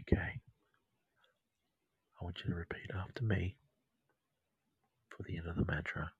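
An Australian man hosting a counselling podcast, leading a whispered guided meditation close to the mic, slow and soothing as he repeats mantras. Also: deep voice, flat delivery, breathy edge, no room sound, lo-fi sound.

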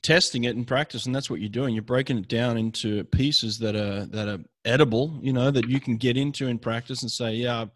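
A man's voice: mid-range voice, brisk, hardly any pauses, dry recording. Dry, friendly male interviewer. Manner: friendly, teasing, says "mate" often. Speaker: interviewer, host. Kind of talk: casual interview. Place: lives in Los Angeles.

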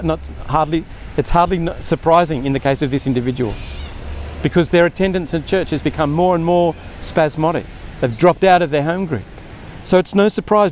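A man's voice: a little high, darkish tone, slight background noise. A man preaching a sermon in an earnest way, often acting out quoted speech with more emphasis.

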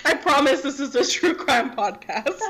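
A woman in her thirties co-hosting a podcast, chatting casually with quick giggly interjections. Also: high voice, lively intonation, fairly bright tone. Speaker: podcast co-host. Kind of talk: casual chat.

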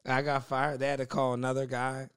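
A man's voice: mid-range voice, monotone, a little fast, a bit bright, clear, resonant tone. A young man, a podcast guest, telling a work story in casual chat, laughing often and acting out the other people's voices.

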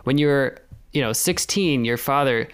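Gravelly young male podcast host. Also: medium pitch, normal speed. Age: 20s. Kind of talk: conversational podcast interview.

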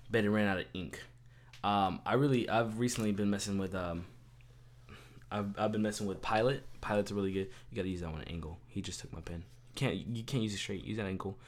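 A young man co-hosting a casual chat show, talking in a playful, rambling way with bursts of mock indignation. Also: on the low side. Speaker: podcast co-host.

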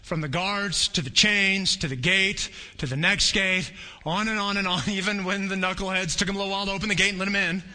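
A man preaching a sermon, telling a personal story with animated storytelling and acting out voices. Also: sits high, a little fast. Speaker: pastor.

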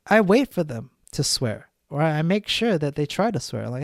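A man's voice: sits high, big pitch swings, moderate pace, dry recording. Guy ranting on his own podcast, swears a lot, super dry sound. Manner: blunt, profane, ranting. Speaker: podcast host. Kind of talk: solo podcast monologue.

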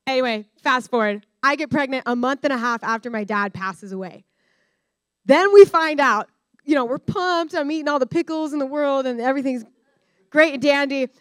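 A young adult woman giving a candid, animated personal-story sermon to students as a guest speaker. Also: sits high, normal speed, no room sound. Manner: candid, animated storyteller who addresses the room directly. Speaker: guest speaker at a discipleship school.

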